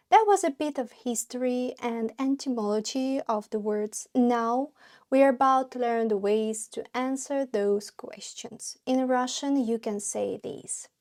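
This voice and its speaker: A woman gives a beginner language lesson in a podcast, taking her time and repeating every phrase so learners can follow. Her voice sits a little high, and her tone is patient and encouraging, like a teacher. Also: dark tone. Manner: slow, careful, repeats each phrase for learners.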